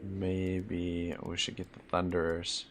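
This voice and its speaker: A man's voice: low voice, completely flat delivery, takes it slowly, music in the background. A man with an East Coast Canadian accent giving live commentary on a game he is playing, thinking aloud about his moves and swearing when annoyed. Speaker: gaming live streamer.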